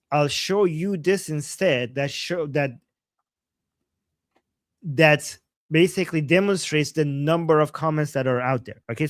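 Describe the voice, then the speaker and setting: High-voiced animated Iranian-born male host. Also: no room sound. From Iran. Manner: animated, emphatic, translating as he goes. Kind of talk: live commentary reading out online comments.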